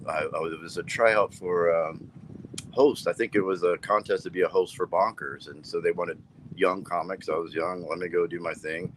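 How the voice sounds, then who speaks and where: A man's voice: deep voice, fairly even intonation, normal speed, slight background noise, rough recording. A man, a comedian, telling a story in a casual live-streamed interview, rambling, cutting himself off and laughing at his own tale. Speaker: stand-up comedian, guest.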